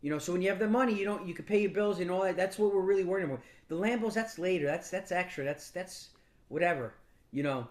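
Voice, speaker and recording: Brief: higher-pitched man, casual motivational mentor, blunt, swears a bit, stumbles and restarts often. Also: fast. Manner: casual, blunt, with mild profanity; frequent restarts and repeated words. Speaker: business mentor speaking to a mastermind group. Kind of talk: motivational storytelling talk.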